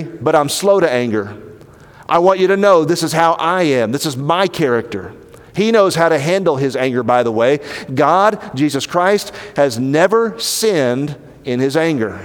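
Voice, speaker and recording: A man preaching a sermon as pastor, earnest and animated, sometimes dropping to a low, slow voice for emphasis. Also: in a large hall.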